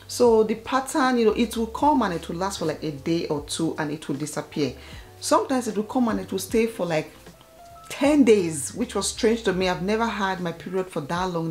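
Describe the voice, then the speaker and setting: A woman vlogger in her thirties telling a personal story straight to her viewers in an animated, chatty way. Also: medium pitch. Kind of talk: casual talk to camera.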